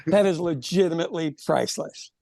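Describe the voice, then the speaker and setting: A man's voice: on the high side, brisk, gravelly, a little mellow, dry recording, clean studio sound. A man from Ireland co-hosting a podcast in casual chat, laughing often and repeating words as he starts. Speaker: podcast co-host.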